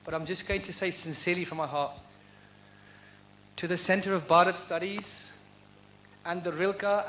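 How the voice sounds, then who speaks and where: A man's voice: fairly high pitch, a bit bright, a little hiss or hum, rough recording. A man speaking earnestly at a university event, answering audience questions in a heartfelt devotional talk full of rhetorical questions. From United Kingdom.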